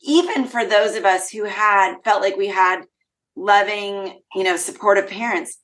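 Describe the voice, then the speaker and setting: A woman's voice: medium pitch, unhurried, fairly bright tone, rough recording. A woman hosting a parenting podcast as a coach, speaking in an affirming, reflective way. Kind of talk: casual conversational interview.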